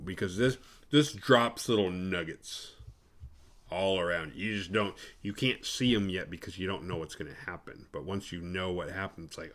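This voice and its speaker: A man's voice: low voice, animated, normal speed. A man hosting a horror movie podcast, recapping a film in a rambling, profane, sarcastic way.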